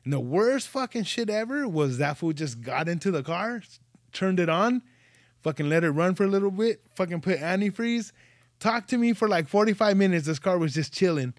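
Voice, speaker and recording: A male podcast host, spinning profane, animated stories in casual chat. His voice sits a little high for a man, and the sound is close and dry, with no room around it. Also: moderate pace, no room sound. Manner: profane, animated storyteller acting out dialogue.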